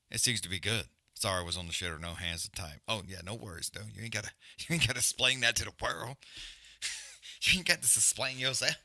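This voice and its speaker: A man's voice: lowish voice, sharp tone, no room sound, clean studio sound. A man hosting a livestream, giving casual, profane, rambling commentary on a fight and griping about stream glitches. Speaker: livestream host.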